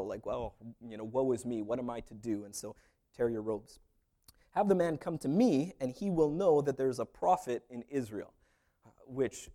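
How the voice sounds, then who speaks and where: A man's voice: mid-range voice, dark tone. A man preaching a casual sermon, talking through a Bible story conversationally with joking asides. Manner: conversational, jokey asides, lots of fillers. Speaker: pastor.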